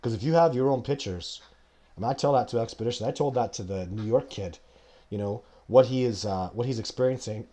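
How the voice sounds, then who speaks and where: A man's voice: medium pitch, a little fast, warm tone. A man in his forties hosting a live show, answering viewer questions in an emphatic, rambling way and coughing now and then. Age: 40s. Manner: rambling, emphatic, goes off on tangents. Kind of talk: live-stream casual talk.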